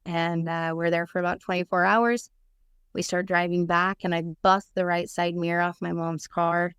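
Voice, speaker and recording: A woman with a somewhat low, smooth, clear voice shares her own life story as a podcast guest. She is earnest and open, and she vividly acts out the conversations she remembers. The sound is close and dry, with no room echo. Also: flat delivery, moderate pace, fairly bright tone. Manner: vivid storyteller who acts out quoted dialogue; earnest and candid. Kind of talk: personal storytelling.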